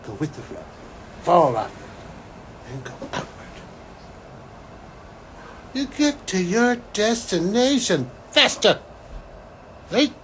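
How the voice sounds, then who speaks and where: A man, a psychic, talking to camera as he recounts a vision, animated and breaking into excited exclamations. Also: high voice, slow pace, long pauses, slight background noise, low-quality recording. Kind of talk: solo talk recounting a vision.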